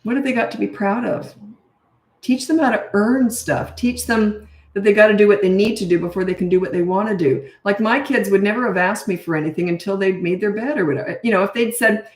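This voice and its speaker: A woman's voice: medium pitch, quick pace. Blunt woman parenting coach, echoey room. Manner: blunt, emphatic, laughs at herself. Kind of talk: casual advice monologue.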